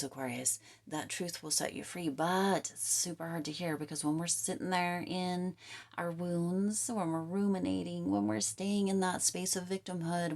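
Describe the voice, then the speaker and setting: A woman giving a tarot reading to camera, talking in emphatic, repetitive coaching phrases and now and then dropping to a soft near-whisper. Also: lowish voice. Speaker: tarot reader.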